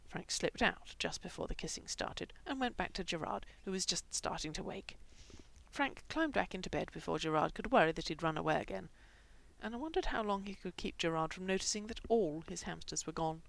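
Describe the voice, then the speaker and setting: A woman reading fan fiction aloud, moving between plain narration and soft whispered asides. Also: lowish voice, a little fast, gravelly. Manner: reads dialogue with lively shifts, dropping to whispers.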